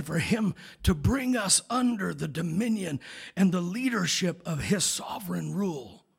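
A male pastor preaching a sermon, with a gravelly voice and a rising preaching cadence that builds into shouted climaxes. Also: high voice.

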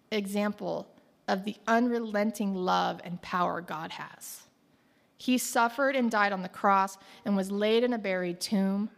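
A woman giving a casual sermon, retelling a Bible story in loose, conversational words with joking asides. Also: mid-range voice. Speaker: Bible teacher.

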